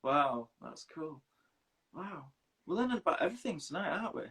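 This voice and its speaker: Lively husky-voiced Yorkshire man. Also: a little high, normal speed. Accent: Yorkshire English. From Leeds, Yorkshire. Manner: jokey, enthusiastic, laughs often. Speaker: interviewer. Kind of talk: casual interview chat.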